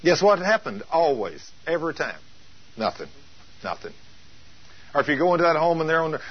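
A man's voice: on the high side, big pitch swings, a little fast, long pauses, husky. A male preacher teaching a sermon emphatically, asking his listeners rhetorical questions. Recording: dull lo-fi taped teaching.

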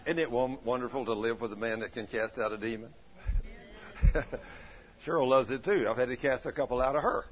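An older man, a pastor telling a story in a sermon, folksy, rising to loud emphatic peaks. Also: mid-range voice, brisk, a faint crowd. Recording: dull lo-fi sound.

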